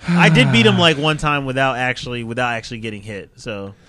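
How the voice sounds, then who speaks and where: A man in a casual gaming chat, enthusiastic and quick to laugh, swearing freely. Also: medium pitch, big pitch swings, pushed and bright, dry recording.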